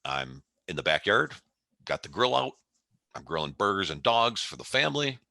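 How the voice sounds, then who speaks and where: A man in his fifties tells a story as a guest on an interview podcast, acting out each step. His low voice is forceful and swings widely in pitch. The recording is close and dry. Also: moderate pace, creaky, dry recording. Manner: animated storyteller who acts out the scene. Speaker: guest CEO.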